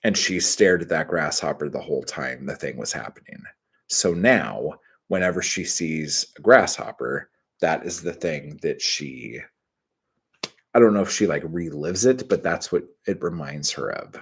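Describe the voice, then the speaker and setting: A middle-aged man hosting his own livestream, chatting casually, rambling and swearing with sudden bursts of excitement. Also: a bass voice, unhurried, slightly rough. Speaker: channel host.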